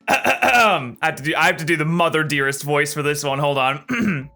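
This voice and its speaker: An excitable young man hosting a gameplay video, talking to the game and cracking jokes as he goes. His pitch jumps around a lot and his tone is bright. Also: slow pace, faint music behind. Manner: excitable, jokey, talks to the game. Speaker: let's play host. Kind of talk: gameplay commentary.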